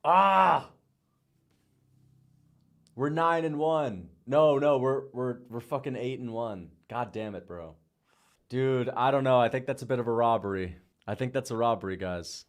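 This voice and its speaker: A young man streaming live, calling fight picks with hyped, shouting bursts, swearing and playful trash talk. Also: mid-range voice, normal speed. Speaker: livestreamer making fight picks. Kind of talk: excited livestream reaction commentary.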